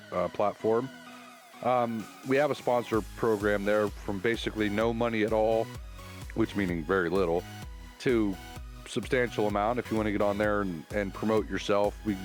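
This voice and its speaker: A man co-hosting a casual podcast, telling long jokes in a rambling way with fillers and restarts. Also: fairly low pitch. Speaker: podcast co-host.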